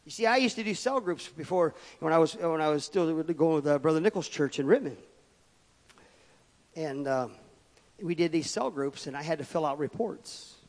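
A man, preaching a sermon as pastor, emphatic and swinging between loud declarations and quiet asides. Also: a little high, animated, normal speed. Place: church sanctuary. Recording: long reverb of a church hall.

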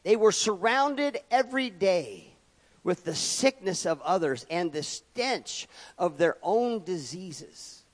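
Preacher, male, high voice, unhurried delivery, big swings from loud to hushed, reverberant church hall. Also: lively intonation. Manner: dynamic, swings between loud emphatic rises and quiet drops. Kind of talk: sermon.

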